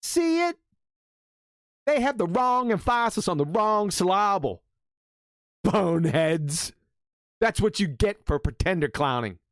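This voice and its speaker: Mocking man with a lively voice. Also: sits high, normal speed, hardly any pauses, dry recording, clean studio sound. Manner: insulting, mocking. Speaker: host. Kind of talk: ranting monologue.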